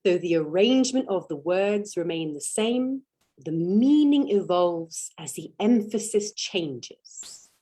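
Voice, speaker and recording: A woman giving a spiritual teaching in a slow, deliberate, meditative way, leaning on single words for emphasis. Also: mid-range voice, dark tone, husky.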